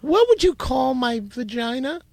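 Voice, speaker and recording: A woman's voice: sits high, animated, measured pace, vocal fry, a little mellow, dry recording, heavily acted. Woman playing a brash, crude bachelorette. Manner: blunt, crude. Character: brash adult bachelorette contestant.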